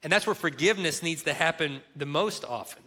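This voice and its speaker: A middle-aged male pastor delivers a sermon in a bright, forward voice that sits slightly high for a man. He speaks earnestly and leans on repeated phrases for emphasis. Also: animated, fairly quick.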